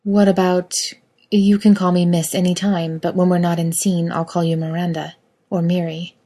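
Brief: woman reading as a composed, teasing woman in charge; low, husky, dark-toned, calm and lightly commanding. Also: normal speed, natural voice. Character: self-assured woman, gently teasing and in charge.

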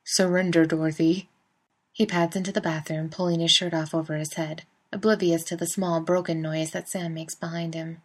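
A woman's voice: sits low, fairly even intonation, a little fast, few pauses. A woman narrating a fan fiction story in a wry, conversational way. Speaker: reader. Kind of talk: fan fiction audiobook reading.

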